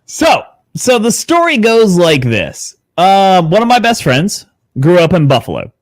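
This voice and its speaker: A man, a guest on a podcast, telling a story casually, animated and swearing freely. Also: high voice, unhurried, no echo, clean studio sound. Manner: animated, swears freely, acts out quoted dialogue. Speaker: podcast guest, content creator.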